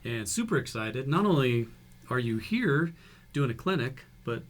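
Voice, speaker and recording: A man's voice: mid-range voice, big pitch swings, a little slow. A man hosting an interview in a music store studio, upbeat and enthusiastic, with lots of fillers. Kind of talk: casual interview chat.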